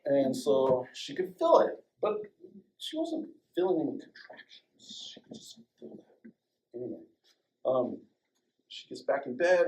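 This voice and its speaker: Older guy telling a story, acts out the voices, gets real quiet at the soft parts. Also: mid-range voice, a little slow, gravelly, rough recording. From Colorado, United States. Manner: animated storyteller, acts out dialogue, drops to a hush at tender moments. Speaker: chiropractor and guest speaker. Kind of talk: storytelling talk to a small audience.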